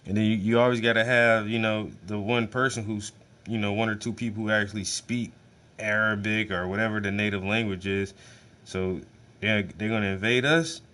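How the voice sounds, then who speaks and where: Dude on a stream reacting, slangy and cussing, kinda low voice, keeps repeating himself. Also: male voice, steady tone, normal speed, sharp tone. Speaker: livestream host reacting to a speech. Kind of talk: casual livestream commentary.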